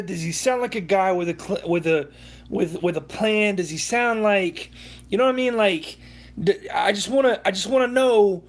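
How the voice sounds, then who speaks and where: A man's voice: sits high, fairly bright tone. A young man hosting a sports livestream, ranting heatedly and profanely with many restarts. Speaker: livestream host.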